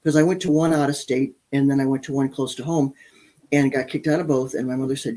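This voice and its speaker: A woman's voice: rumbling low, fairly even intonation, quick pace, mellow, poor audio. A woman from Michigan, a parenting author, speaking candidly as an interview guest, with frequent restarts. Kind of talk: interview conversation.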